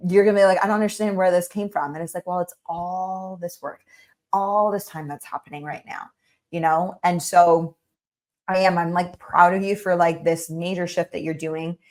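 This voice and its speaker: A woman's voice: lowish voice, fairly even intonation, moderate pace. Effusive woman podcast host. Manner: encouraging, effusive, heavy use of "like". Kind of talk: casual interview chat.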